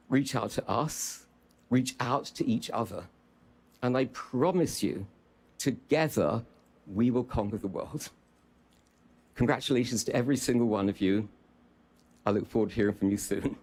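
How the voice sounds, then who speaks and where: A man's voice: mid-range voice, normal speed, long pauses, darkish tone. A man with a British accent, a film school dean giving an earnest, rousing commencement speech. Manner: earnest, rousing, promise-making.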